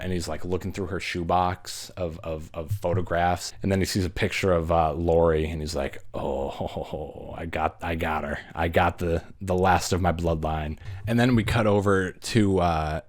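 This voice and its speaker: Low-voiced dude recapping a horror movie, laughing and cussing, doing little voices for the characters. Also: male voice, a little mellow. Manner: laughing, swearing, acts out characters in quick voices. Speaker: movie reviewer host.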